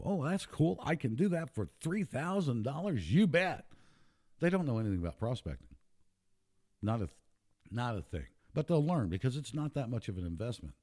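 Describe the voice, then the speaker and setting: A man's voice: low voice, warm tone. A man hosting a show, talking in a casual, emphatic monologue, repeating himself and getting worked up. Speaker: podcast host.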